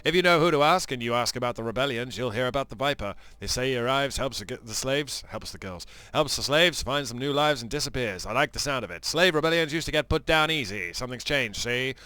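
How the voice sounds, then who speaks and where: A man's voice: medium pitch, fast talker, hardly any pauses, sharp tone, clear, resonant tone, no room sound, close to an everyday voice. A man doing a put-on voice as a hard-bitten investigator reading case notes in clipped, raised phrases. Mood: gruff.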